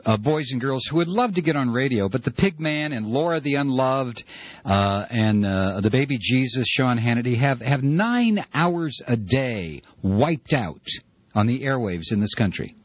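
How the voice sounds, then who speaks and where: A man hosting a talk radio show, ranting sarcastically with a husky voice, over a dull, lo-fi radio broadcast. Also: medium pitch, lively intonation, normal speed, no room sound. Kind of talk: opinionated talk radio monologue.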